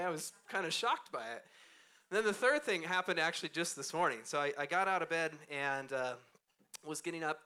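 A man in his thirties leads a relaxed, conversational sermon, talking close into his microphone from a church stage. His voice sits a little high and comes across bright and keen. He pokes fun at himself and slips into laughter between his stories. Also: smooth. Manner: chatty, self-deprecating, often laughing while talking. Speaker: pastor. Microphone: close handheld or stand microphone.

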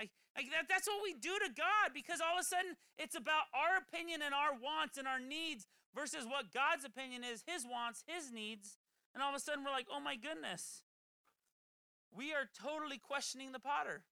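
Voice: high voice, normal speed, vocal fry, sharp tone, no room sound. A preacher giving a casual, chatty sermon that keeps slipping into quoted voices. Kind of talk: conversational sermon.

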